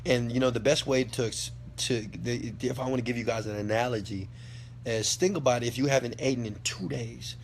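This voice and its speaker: A man with a gravelly edge to his voice delivers an impassioned motivational talk, hammering each point with repetition and the odd swear word. He drops low, then swells loud for emphasis. A faint hum sits under the recording. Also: brisk. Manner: preachy, repeats lines for emphasis, swears, swings from quiet to loud. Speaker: motivational speaker answering a question.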